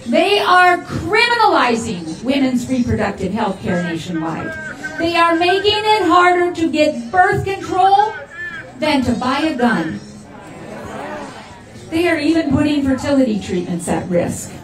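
A woman's voice: high voice, big pitch swings, a little slow, music in the background. A woman giving an impassioned rally speech and leading the crowd in chants. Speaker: political rally speaker. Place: large rally hall with crowd. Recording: echoey hall, crowd noise, mic from a distance. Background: cheering crowd.

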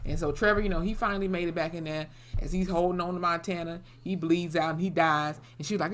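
A woman's voice: fairly low pitch, fairly even intonation, fast talker, hardly any pauses. A woman casually recapping a TV episode, blunt and salty, with many "you know" fillers. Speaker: TV episode reviewer.

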